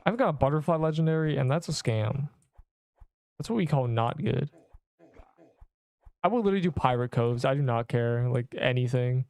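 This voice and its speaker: A man's voice: medium pitch, expressive, moderate pace, pauses often, a little mellow, smooth, no echo. A young man streaming a video game, chatting casually and rambling to his viewers. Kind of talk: casual live-stream commentary.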